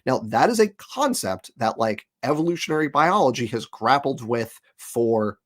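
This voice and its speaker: A man's voice: mid-range voice, big pitch swings. Emphatic, exasperated man talking. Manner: emphatic, exasperated, fast asides. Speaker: guest scientist. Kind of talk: casual conversation.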